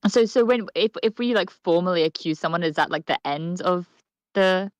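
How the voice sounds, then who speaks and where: A woman player asking questions in a hesitant, halting way. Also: on the low side, clean tone, dry recording, lo-fi sound.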